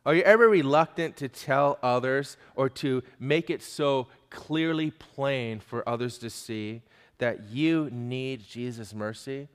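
A man's voice: medium pitch, measured pace, clean tone. A male preacher giving an emphatic sermon, pressing his listeners with pointed questions. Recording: long hall reverb.

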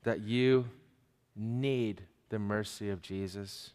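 A man's voice: fairly low pitch, steady tone, slow pace, darkish tone, clear, resonant tone. A male preacher giving an emphatic sermon, pressing his listeners with pointed questions. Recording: long hall reverb.

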